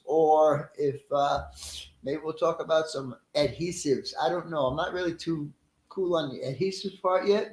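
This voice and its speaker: A man's voice: a little high, reverberant, poor audio. Chatty man hosting a live stream. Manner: friendly, chatty, laughs easily. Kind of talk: casual live stream chat greeting viewers.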